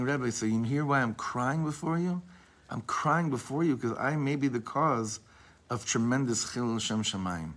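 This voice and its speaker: Male teacher, mid-pitched, reads slowly then retells with heat. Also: fairly bright tone. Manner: reads passages slowly, then retells them with rising emotion; frequent restarts and casual asides. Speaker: teacher of a class. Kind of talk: storytelling lesson.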